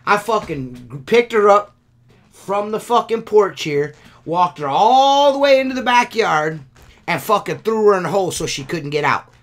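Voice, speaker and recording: A man's voice: high-pitched, lively intonation, moderate pace, fairly bright tone. A man hosting a podcast, ranting in a profane, exasperated way. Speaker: podcast host. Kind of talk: casual podcast rant.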